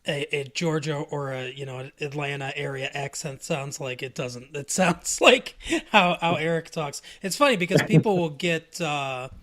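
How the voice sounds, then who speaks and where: Man, higher-pitched, easygoing, casual podcast talk. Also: normal speed, a bit bright. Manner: easygoing, chuckles while talking. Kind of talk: casual chat.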